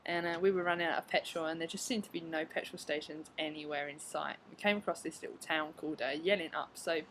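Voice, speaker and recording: A woman's voice: low-pitched, fairly even intonation, fast, fairly bright tone, slight background noise, low-quality recording. A young woman chatting to camera at home, telling stories with lots of fillers and acted-out reactions. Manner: chatty, frequent fillers, acts out her reactions. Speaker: vlogger. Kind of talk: casual storytelling to camera. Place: at home, indoors.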